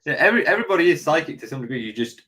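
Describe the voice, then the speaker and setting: A man's voice: fairly high pitch, big pitch swings, very fast, pushed and bright, poor audio. A man from the UK, a guest in a casual chat about the paranormal, talking matter-of-factly about spirits.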